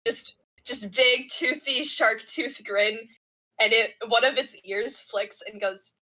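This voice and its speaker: A woman's voice: a little high, takes it slowly, sharp tone. A woman narrating her character in a casual tabletop role-play, chatty and often laughing.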